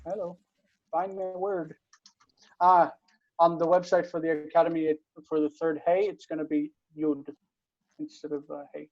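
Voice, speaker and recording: The medium-pitched voice is level in tone and a little mellow, moving at normal speed with long pauses. A Hebrew teacher patiently explains grammar in an online lesson, restarting often and using many fillers, heard through muffled video call audio.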